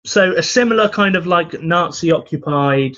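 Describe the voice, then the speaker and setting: A young man co-hosting a podcast, talking in a laid-back, halting way with dry humor. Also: fairly high pitch, a bit bright. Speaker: podcast co-host. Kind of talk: casual chat. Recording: slightly dull, muffled sound.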